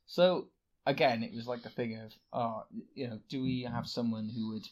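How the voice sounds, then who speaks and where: A man's voice: medium pitch, steady tone, normal speed. A Welsh man co-hosting a podcast, chatting casually in a cheeky, playful way with some swearing. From Wales. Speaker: podcast co-host. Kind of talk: casual chat.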